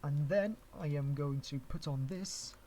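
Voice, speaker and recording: In this live-stream tutorial on 3D rigging, a man from Canada with an English accent talks casually while he works, wandering off, restarting sentences, and chuckling to himself. He speaks at a measured pace in a dark, slightly higher voice, over a little hiss or hum.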